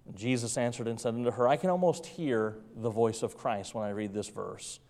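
A man preaching an evening sermon in a church, emphatic and repetitive, dropping to soft tones at times. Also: medium pitch, brisk. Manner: emphatic, repeats key phrases, drops to soft tones. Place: church sanctuary. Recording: long reverb of a large room.

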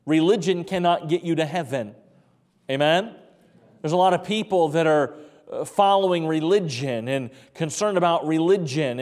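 A man pastor preaching a sermon in a church sanctuary, repeating words and stretching key phrases slowly, dropping to a hush for emphasis. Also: sits high, long reverb tail.

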